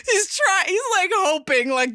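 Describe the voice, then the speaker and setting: A young woman hosting a podcast, animatedly retelling a film scene by scene with frequent laughs and quick asides. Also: very high-pitched, lively intonation, sharp tone, dry recording, studio quality. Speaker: podcast host. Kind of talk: casual movie recap.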